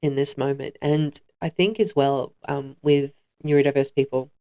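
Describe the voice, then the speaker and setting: A woman's voice: rumbling low, steady tone, normal speed, vocal fry, dark tone. A woman co-hosting a podcast, telling personal stories in a reflective, conversational way. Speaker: podcast co-host. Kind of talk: casual chat.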